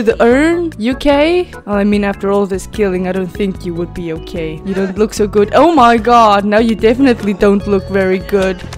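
A high-voiced woman who makes gaming videos delivers excitable let's play commentary, gasping and exclaiming at the chaos. Faint game music can be heard behind her.

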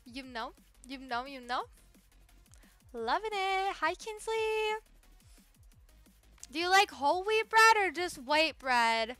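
Bubbly high-voiced woman streamer. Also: big pitch swings, slow pace, pauses often, pushed and bright, dry recording, soft background music. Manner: bubbly, greets viewers by name, swings between squeals and low murmurs. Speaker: livestreamer. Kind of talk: live-stream gaming chat.

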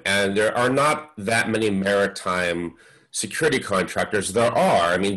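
A man speaking as a guest expert on a webinar panel over a video call, giving measured explanations. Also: sits low, fairly bright tone, poor audio.

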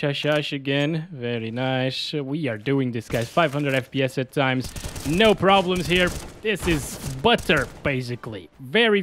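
A man giving excitable gameplay commentary, laughing and yelping as he plays. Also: a little high, a little hiss or hum. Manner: excitable, yelps and laughs at in-game moments. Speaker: gaming YouTuber. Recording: faint game gunfire behind. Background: game gunfire and explosions.

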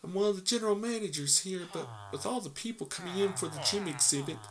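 A man's voice: sits high, expressive, fast, a crowd in the background, pitched above the performer's own voice. A man voicing a friendly, polite woman who works as a hotel general manager in a game, with a faded attempt at an island accent.

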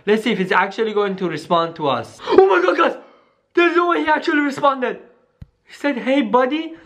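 Excitable skit vlogger addressing viewers. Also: medium pitch. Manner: excitable, keeps saying "guys", drops to hushed tones. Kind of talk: staged scary phone-call skit vlog.

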